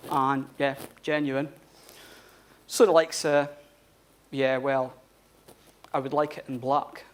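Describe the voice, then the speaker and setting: A man's voice: medium pitch, little pitch movement, takes it slowly. A man giving a live conference talk in a blunt, informal manner, swearing freely. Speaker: conference speaker. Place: conference hall.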